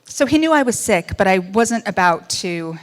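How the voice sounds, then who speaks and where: A woman's voice: medium pitch, normal speed. Woman telling her story with swings in volume. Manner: animated, swings between loud outbursts and hushed moments; wry humor amid serious story. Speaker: speaker giving personal testimony. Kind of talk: emotional first-person storytelling speech.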